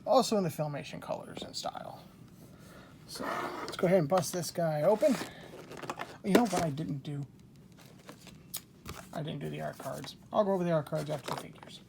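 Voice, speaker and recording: A man hosting a casual toy unboxing video, chatty and excitable, talking to himself as he works the packages open. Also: on the high side, vocal fry, noisy background. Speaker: toy collector host.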